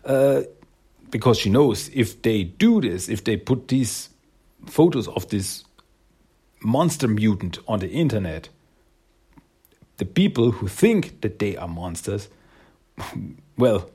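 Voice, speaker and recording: Husky man casually retelling a story. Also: fairly low pitch, animated, slow pace, long pauses, darkish tone. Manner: rambling, self-correcting, laughs often.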